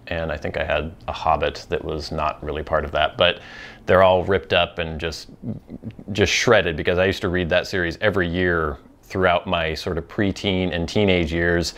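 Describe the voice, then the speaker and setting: A man's voice: low-pitched, a bit bright. A man hosting a pipe-smoking talk show, rambling through viewer questions in casual chat, with frequent ums and restarts.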